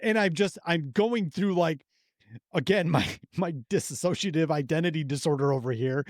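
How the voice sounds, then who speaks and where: A man's voice: fairly high pitch, moderate pace, no room sound, studio quality. A man hosting a podcast, telling a story with enthusiasm and lots of swearing. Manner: enthusiastic, profane, animated storytelling. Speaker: podcast host. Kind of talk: casual chat.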